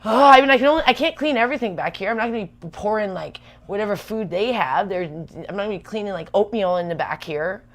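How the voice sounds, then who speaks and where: A woman venting fast and emphatically in a casual livestream chat. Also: mid-range voice, animated. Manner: ranting, worked up, fast and emphatic. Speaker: livestream vlogger.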